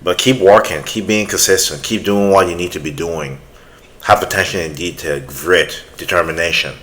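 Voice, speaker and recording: A man's voice: deep voice, normal speed, a bit bright. A man hosting a reaction channel, giving earnest, emphatic motivational commentary.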